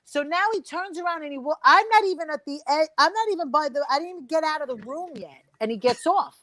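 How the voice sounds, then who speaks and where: A woman's voice: high voice, quick pace, pushed and bright, no echo. A woman comedian telling a profane, brash story at a comedy round table, acting out the other voices in it. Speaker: comedian guest.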